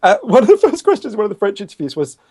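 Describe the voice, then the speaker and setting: Fast-talking man telling stories. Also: high voice. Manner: quick, chatty, animated storyteller with self-deprecating asides. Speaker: author and podcast guest. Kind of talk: conversational interview storytelling.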